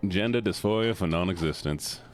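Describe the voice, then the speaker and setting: A man's voice: a little fast, faint music behind. A man streaming a game, chatting playfully with his viewers between gameplay. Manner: playful, chatty with chat, squeals up high. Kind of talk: casual livestream chat while gaming.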